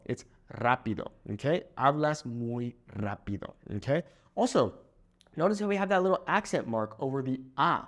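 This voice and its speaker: A young man giving a video Spanish lesson, explaining phrases and checking in with "okay?" after each point. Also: mid-range voice. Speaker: Spanish teacher.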